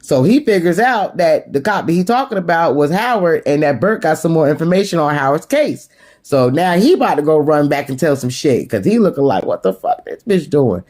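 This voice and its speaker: A woman vlogger giving a casual, animated and slangy recap of a TV episode, gossipy and direct with her viewers. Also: deep voice, fairly quick.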